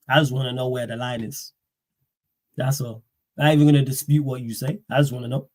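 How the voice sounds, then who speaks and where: A man, hosting a football livestream, talking in a slangy, animated way and firing off rhetorical questions. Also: medium pitch, brisk. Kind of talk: casual live-stream rant.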